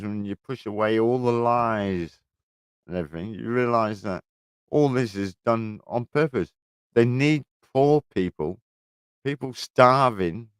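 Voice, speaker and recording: Sitting in his garden shed, a man livestreams casual, rambling stories packed with swearing. His mid-range voice is smooth, and the recording is dry.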